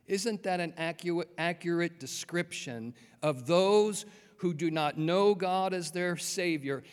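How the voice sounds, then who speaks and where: A man's voice: high-pitched, slow pace, clear, resonant tone. A man preaching a sermon in an earnest way, often putting rhetorical questions to his listeners. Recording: long hall reverb.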